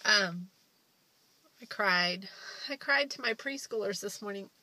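A middle-aged woman vlogging from a car on her way home, near tears, her voice catching as she talks haltingly with many restarts. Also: mid-range voice, dry recording, low-quality recording. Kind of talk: emotional car vlog. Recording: loud road and car noise.

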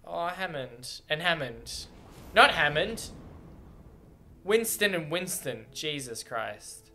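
A young man giving casual, excitable, rambling reaction commentary on video game cinematics, laughing often. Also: a little high, slow, soft background music.

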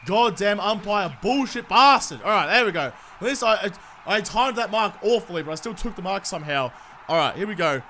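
A young man commentating his own football video game, cheering loudly and swearing at the players. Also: sits high, lively intonation, fast, slight background noise. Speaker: gaming commentator. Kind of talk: excited gameplay commentary.

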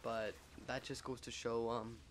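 A man's voice: mid-range voice, flat delivery, a little slow, slight background noise. A young man telling a story casually over gameplay, rambling with lots of fillers and self-mocking jokes.

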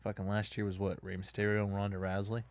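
A man's voice: lowish voice, completely flat delivery, fast talker, dry recording. A man casually commenting on a wrestling video game as he plays, rambling and swearing in frustration at it. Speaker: gaming YouTuber.

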